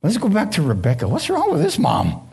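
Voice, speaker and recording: A man's voice: on the high side, wildly swooping pitch, brisk, gravelly, dark tone, breathy edge. A man preaching a sermon as pastor, telling stories and putting questions to his audience.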